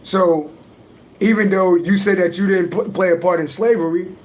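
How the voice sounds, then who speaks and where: A man's voice: high-pitched, steady tone, moderate pace, a little mellow. A man, hosting a livestream and talking bluntly and emphatically with heavy profanity. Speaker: livestream host, astrology reader. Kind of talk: casual livestream talk.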